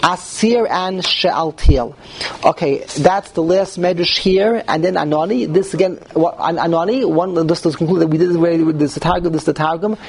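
High-voiced, gravelly male Torah teacher. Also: normal speed, rough recording. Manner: emphatic, questions the class, frequent restarts. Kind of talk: classroom Talmud lecture.

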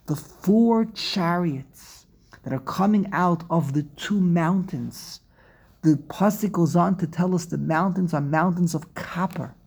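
Gravelly, husky-voiced man teaching a class. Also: sits high, a little slow, a little mellow. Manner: explains step by step with frequent restarts and asides to the class; reads source phrases aloud then translates them. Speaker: teacher of a text study class. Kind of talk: classroom scripture lecture.

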